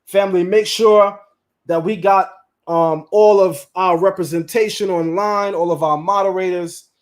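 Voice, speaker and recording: High-voiced man hosting a casual livestream. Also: a little slow. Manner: animated, talks straight to chat and viewers, repeats lines for emphasis. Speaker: livestream host.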